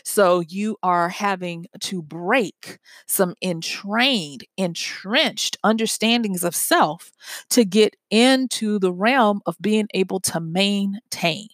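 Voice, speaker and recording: A woman's voice: mid-range voice, takes it slowly, a bit bright, no echo. Earnest woman giving a motivational talk. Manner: earnest and conversational, with everyday examples.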